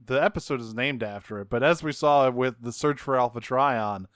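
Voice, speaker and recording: A man's voice: mid-range voice, normal speed, fairly bright tone, smooth, dry recording, clean studio sound. A man co-hosting a podcast, recapping a cartoon in laid-back, joking chat with some swearing. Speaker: podcast co-host.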